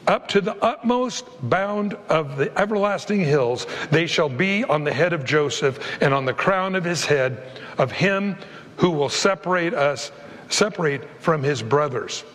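Animated high-voiced preacher in a reverberant hall. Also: male voice. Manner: animated preacher, acts out voices of biblical figures with comic flair. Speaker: pastor. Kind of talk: sermon.

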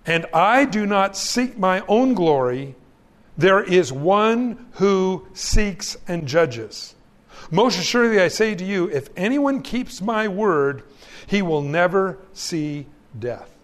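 A man's voice: sits high, expressive, takes it slowly. A male pastor preaching a sermon, reading scripture aloud and speaking to the congregation as friends in an emphatic, folksy way.

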